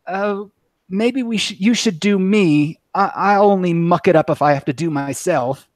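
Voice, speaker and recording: A man's voice: sits high, a little slow, no room sound, studio quality. A man putting on a mock-English movie character. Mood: wry. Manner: mock-dramatic quoting.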